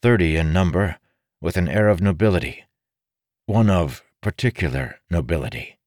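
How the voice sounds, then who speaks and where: A man's voice: low-pitched, normal speed, darkish tone, no echo, studio quality, voice pushed up, lightly acted. A man voicing an earnest young male adventurer who talks with insistent confidence. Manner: insistent, confident, a little conspiratorial.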